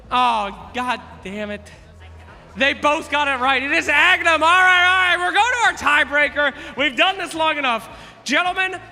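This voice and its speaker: A man with a very high, piercingly bright voice hosts a quiz on a live arena stage. He is loud and playful, teasing the contestants and shouting out to the crowd. The sound carries the long echo of a large hall. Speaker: quiz host at a live esports event. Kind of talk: energetic stage hosting to a crowd. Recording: echoey arena hall with music.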